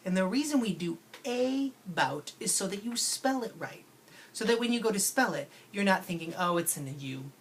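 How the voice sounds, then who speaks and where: A woman teaching children a spelling lesson, slowly stretching out and overpronouncing each sound. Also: deep voice, fairly bright tone. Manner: slow, exaggerated enunciation of sounds. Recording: faint background noise.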